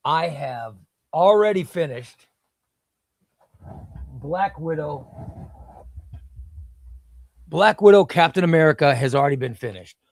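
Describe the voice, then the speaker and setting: A man hosting a comics livestream, talking loosely and reading viewer comments off the screen. His voice sits a touch high for a man. The sound is dry and close, with no room around it. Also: no room sound. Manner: chatty, reads viewer comments aloud; hypes sponsor in a shouted ad read. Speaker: livestream host. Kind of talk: casual livestream chat.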